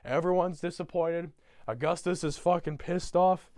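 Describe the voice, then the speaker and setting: A man's voice: fairly high pitch, steady tone, brisk, darkish tone, no room sound. Rambling young man with a dry close mic. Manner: rambling, swearing, lots of fillers. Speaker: YouTuber. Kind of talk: casual retelling of a film from memory.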